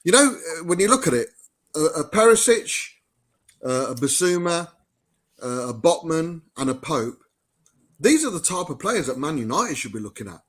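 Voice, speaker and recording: A man's voice: fairly high pitch, sing-song, moderate pace, a bit bright, husky. A man on a podcast panel talking football in a friendly, casual way. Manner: friendly, calls others "mate".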